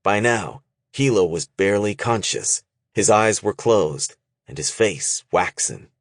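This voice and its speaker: A man with a lowish voice reads an audiobook script, measured yet expressive. The studio-quality recording carries no room sound.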